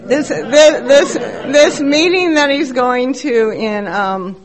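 A middle-aged woman tells her recovery story at a meeting. She talks in a fairly high voice, candid and blunt, swearing freely and poking fun at herself. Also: takes it slowly, crowd noise. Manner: candid, blunt, profane, self-mocking. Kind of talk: personal recovery share.

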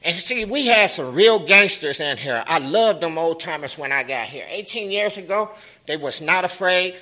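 A middle-aged man speaking African American Vernacular English, sharing his recovery story at a meeting in an animated, streetwise manner with profanity and laughter. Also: on the high side, normal speed, rough recording.

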